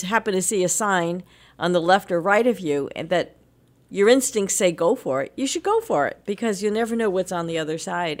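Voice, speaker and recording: Middle-aged woman, radio co-host, slightly low voice, chatty storyteller who laughs a lot. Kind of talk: casual morning radio chat.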